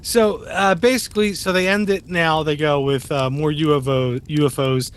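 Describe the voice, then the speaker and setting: A man co-hosting a podcast, telling stories in an animated, casual way with lots of fillers and swearing. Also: a little high, moderate pace, a little hiss or hum. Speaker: podcast co-host. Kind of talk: casual chat.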